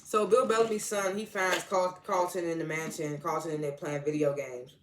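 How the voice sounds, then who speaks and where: Male reviewer, casual and rambling, slightly high voice, leans on fillers and restarts. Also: fairly even intonation, moderate pace, fairly bright tone, a little hiss or hum. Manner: rambling, heavy use of "like", restarts; slangy, informal grammar. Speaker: TV episode reviewer. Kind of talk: casual episode recap.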